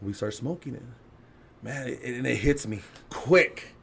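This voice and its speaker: A man's voice: mid-range voice, lively intonation, measured pace, vocal fry, fairly bright tone, a little hiss or hum. A man telling a story as a podcast guest in casual chat, laughing and swearing as he acts out the people in it. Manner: laughing, profane, acts out quotes.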